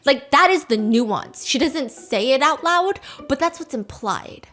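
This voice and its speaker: A woman hosting a podcast, recapping reality TV drama in a casual, animated way, acting out what people said and often saying "like". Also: high voice, measured pace. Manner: animated, acts out quotes, frequent "like" fillers. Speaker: podcast host. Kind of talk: casual storytelling chat.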